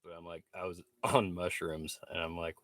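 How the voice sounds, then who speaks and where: A man's voice: deep voice, little pitch movement, normal speed, fairly bright tone, no echo. A man chatting casually on a live stream, laid-back, swearing freely and laughing often. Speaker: livestreamer. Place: truck workshop.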